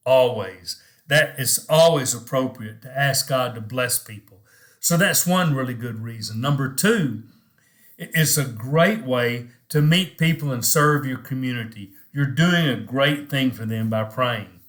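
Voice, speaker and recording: A man's voice: medium pitch, a little slow, a bit bright. Middle-aged male minister, plain earnest delivery, casual encouraging talk to camera.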